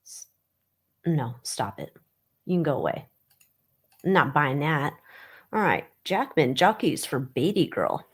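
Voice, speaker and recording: A woman's voice: low voice, big pitch swings, measured pace, pauses often, breathy edge. Female livestream host, sarcastic and gossipy, talking into a webcam. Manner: sarcastic, mocking, gossipy with big exclamations. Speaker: livestream host reading tarot on tabloid stories. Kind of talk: casual gossip livestream chat.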